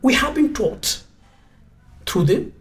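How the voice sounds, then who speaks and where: A man's voice: extremely high pitch, big pitch swings, takes it slowly, a little hiss or hum. A man from Nepal with a Nepali accent, a guest English test teacher explaining emphatically, repeating his points and spelling words out letter by letter. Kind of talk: explanatory interview talk.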